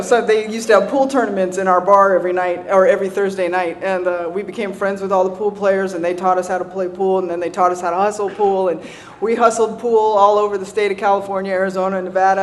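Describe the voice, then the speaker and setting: A woman giving a humorous recovery talk to an audience, animated and self-mocking, laughing often and checking in with "right?". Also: mid-range voice, a little hiss or hum. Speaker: speaker sharing a recovery story.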